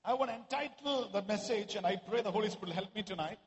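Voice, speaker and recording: A man preaching a sermon to a congregation in a church, at times raising his voice to a shout. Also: high voice, fast talker. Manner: rises to shouting exclamations. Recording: echoey hall.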